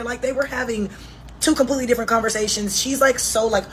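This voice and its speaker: A woman's voice: fairly high pitch, quick pace, slight background noise, rough recording. A woman co-hosting a casual talk show, retelling an interview with exasperation. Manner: animated storyteller, exasperated. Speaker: co-host.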